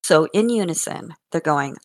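An older woman chatting casually and telling funny stories about her grandchildren, animated and often laughing and repeating words. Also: low-pitched, moderate pace. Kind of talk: casual chat.

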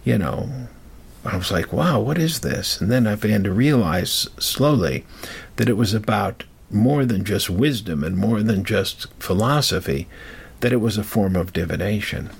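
Gravelly, low-voiced man telling a story. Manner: rambling, halting, with many fillers. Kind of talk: personal storytelling.

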